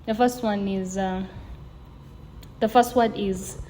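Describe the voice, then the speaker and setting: A woman hosting a video lesson, slowly and patiently drawing out example sounds to demonstrate tones. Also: medium pitch, steady tone, mellow, a little hiss or hum. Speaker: language teacher.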